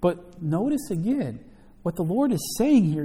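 A male pastor preaches with a lively, rising-and-falling delivery and leans hard on key words as he reads and explains scripture. His voice is mellow and a little husky, and it rings out through a hall with a long reverb. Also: sits high, unhurried. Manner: emphatic, animated preaching with scripture reading. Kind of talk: sermon, Bible teaching.

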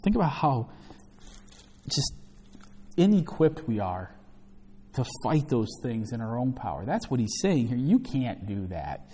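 Animated preacher in a reverberant hall. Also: male voice, medium pitch, unhurried, long pauses, slightly rough. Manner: emphatic, animated preaching with scripture reading. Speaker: pastor. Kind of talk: sermon, Bible teaching.

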